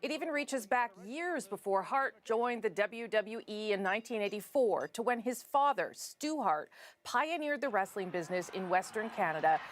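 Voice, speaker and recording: A woman anchor reading scripted news items in a measured, even delivery. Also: mid-range voice.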